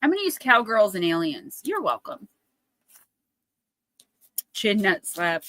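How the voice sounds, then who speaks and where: Woman host, bright, dry close sound, chatty storyteller, acts out quotes. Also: mid-range voice, very animated, a little slow, no echo, poor audio. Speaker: oracle card reader and livestream host. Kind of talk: casual chat on a live stream.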